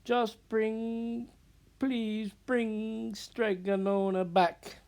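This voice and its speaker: A man's voice: high-pitched, flat delivery, very slow, creaky, darkish tone, voice pushed up, exaggerated voice. A man reading a storybook aloud, voicing a clumsy young man disguised as a girl, pleading and wailing. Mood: tearful.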